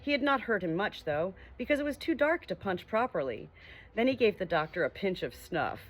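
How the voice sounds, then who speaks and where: A woman reading a children's story aloud with gentle, expressive narration. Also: mid-range voice, fairly quick. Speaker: audiobook reader.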